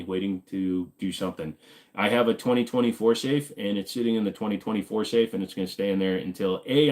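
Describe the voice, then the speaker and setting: A man hosting a casual livestream, chatting with viewers and reading the chat, joking and sarcastic, with sudden high exclamations. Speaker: livestream host.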